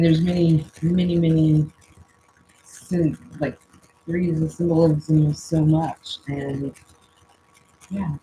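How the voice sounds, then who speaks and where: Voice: mid-range voice, dark tone, slight background noise, rough recording. A spiritual coach giving a casual oracle card reading and prayer at home, musing aloud and often trailing off mid-thought.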